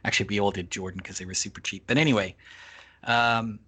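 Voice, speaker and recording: A man telling a long travel story as a podcast guest, casual and animated, swearing freely and acting out the people he quotes. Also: lowish voice, fast talker, husky.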